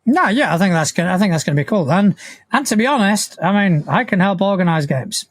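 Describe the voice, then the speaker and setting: High-voiced man swearing in casual banter. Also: sing-song, fast talker, no room sound. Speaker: podcast co-host. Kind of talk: casual banter on a livestreamed podcast.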